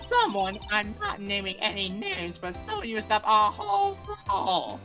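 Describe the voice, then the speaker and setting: A woman voicing a brash young Southern woman photographer, pushing a Southern drawl with a loud, pushy manner. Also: medium pitch, big pitch swings, soft background music, voice pushed up. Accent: attempted Southern drawl. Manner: loud, pushy, quick to bristle.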